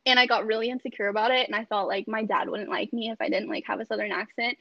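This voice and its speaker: A young woman speaks casually as a podcast guest, full of fillers and quick laughs. Her voice sits fairly high and the call audio is muffled and lo-fi. The sound is very dry, with no room echo. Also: steady tone, creaky. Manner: chatty, many fillers, laughs often. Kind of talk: casual conversation on a video call. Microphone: video call.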